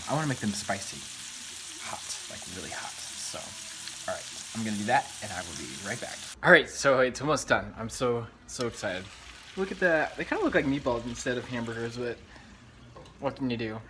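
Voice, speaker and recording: A man's voice: mid-range voice, slight background noise, rough recording. A young man chatting casually while he cooks in his home kitchen, rambling, swearing often and filling his talk with "like". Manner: excitable, rambling, swears often, many "like" fillers. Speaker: vlogger. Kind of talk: casual cooking vlog chat. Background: frying sizzle.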